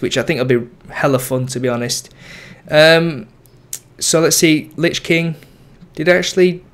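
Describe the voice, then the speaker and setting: A young man giving casual, rambling commentary over his game, full of ums and self-corrections. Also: medium pitch. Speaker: gaming YouTuber.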